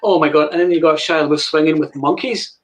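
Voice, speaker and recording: A man's voice: on the high side, fairly even intonation, fast, slight background noise. A man co-hosting a casual film discussion, blunt and scathing, swearing freely. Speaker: podcast co-host.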